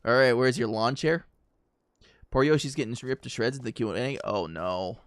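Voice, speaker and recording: A man's voice: mid-range voice, moderate pace, smooth, no echo. A man chatting casually to his viewers while streaming a game, rambling with fillers and easy laughs. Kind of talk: casual gaming stream chat.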